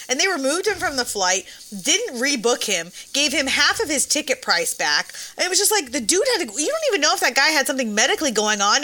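A woman in casual podcast chat, her voice bright and a touch high. She talks with lively swings in pitch and laughs easily, rising sharply whenever something outrages her. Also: fairly quick, hardly any pauses, a little hiss or hum. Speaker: podcast co-host.

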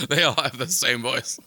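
A man's voice: mid-range voice, bright, forceful tone, a little hiss or hum. A man co-hosting a podcast in casual comedic banter, rambling and cutting himself off on jokey tangents. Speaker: podcast co-host.

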